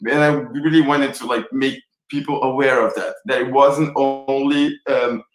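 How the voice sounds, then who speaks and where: In a low-quality recording with a roomy sound and faint music behind him, a man from Brazil speaks at a measured pace in a mid-range voice. Still animated and rambling, he calls himself extravagant while taking part as a guest in a virtual film Q&A conversation.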